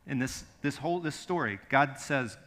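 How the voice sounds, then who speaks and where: A man's voice: mid-range voice, animated, moderate pace, fairly bright tone. A middle-aged man preaching a sermon as pastor, telling a story earnestly and emphatically, often repeating his words.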